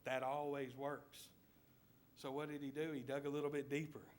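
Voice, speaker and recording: A man with a darkish, mid-range voice that shows little pitch movement speaks at normal speed in a Southern US accent. Preaching in church, he tells a vivid story and asks listeners to visualize each scene.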